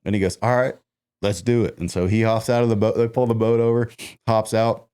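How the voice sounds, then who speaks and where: A man, a music manager, telling lively stories in a casual podcast chat, acting out what others said. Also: fairly low pitch, fairly quick, clean tone. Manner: animated storyteller acting out quotes.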